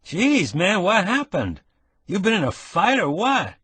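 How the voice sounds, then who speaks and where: Brash eager young man, voiced by a male narrator, higher and husky, breezy slang, close dry sound. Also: wildly swooping pitch, unhurried, a bit bright, no room sound, heavily acted. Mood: urgent friendly. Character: friendly, brash younger man posing as a diner worker.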